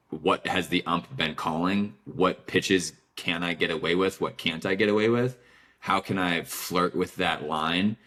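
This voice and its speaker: Low, bright-toned man hosting. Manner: tentative, thinking aloud. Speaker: podcast host. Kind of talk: casual conversation.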